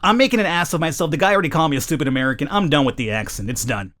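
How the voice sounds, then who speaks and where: A man's voice: a little high, lively intonation, racing, a bit bright. A man hosting a let's play, reading a story game aloud and breaking off for joking, self-mocking asides. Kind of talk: reading a visual novel aloud with jokey asides.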